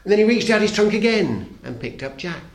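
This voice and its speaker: A middle-aged man reading a children's story aloud to an audience, playful and expressive, dropping very soft for suspense. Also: high voice, fairly quick, gravelly. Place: talk hall. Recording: echoey hall.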